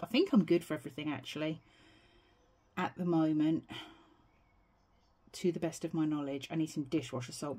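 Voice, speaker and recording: In the evening at home, a young British budgeting vlogger chats to camera in a low, darkish voice. She rambles, pokes fun at herself, and sounds a little out of breath.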